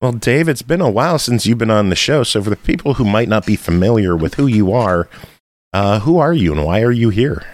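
Podcast host, male, very low voice, lively intonation, dry close mic. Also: fairly quick, no echo. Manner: laid-back, jokey, lively delivery. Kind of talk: casual podcast chat.

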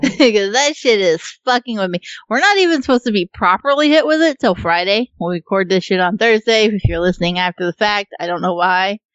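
Woman, casual podcast chat, allergy-stuffy, smooth tone, close dry mic. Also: mid-range voice, expressive, brisk, few pauses, a bit bright, no room sound, muffled recording. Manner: laid-back, swears freely, laughs often. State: allergies, hiccups. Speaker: podcast co-host.

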